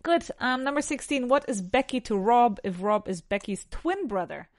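A woman's voice: a little high, expressive, no echo, studio quality. Spanish-accented woman teaching English. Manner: asks a numbered question, then answers it slowly in full sentences. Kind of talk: podcast lesson, quiz questions and answers.

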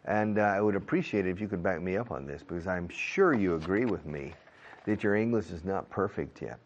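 A man's voice: low-pitched, brisk, lo-fi sound. A man, an English teacher, talking straight to his listeners and asking for their support. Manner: persuasive, talks straight to the audience. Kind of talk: direct appeal to listeners.

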